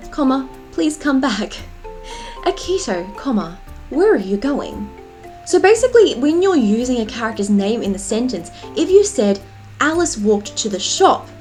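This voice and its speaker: A woman's voice: a little high, a little mellow. A woman giving a writing tutorial, explaining punctuation and reading example sentences aloud with expression. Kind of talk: tutorial narration.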